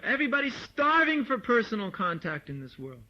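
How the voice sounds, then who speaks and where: A man giving a lively, informal lecture to devotees, mimicking people and laughing as he talks, recorded on an old tape. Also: high voice, a little fast. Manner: animated, mimics voices, laughs often. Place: meditation hall or farmhouse room. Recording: dull lo-fi 1979 tape recording.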